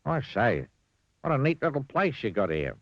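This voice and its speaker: A man's voice: mid-range voice, big pitch swings, moderate pace, dry recording, muffled recording, pitched above the performer's own voice. A man voicing a cheerful, clumsy, untidy cousin with an Australian accent, bumbling and grinning. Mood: chirpy.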